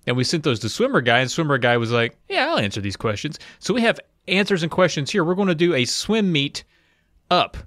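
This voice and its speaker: A man's voice: a little high, expressive, a little fast, a bit bright, no room sound. Podcast guy rambling along, pokes fun at himself, dry close mic. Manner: rambling, self-deprecating. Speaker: podcast co-host. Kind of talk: casual chat.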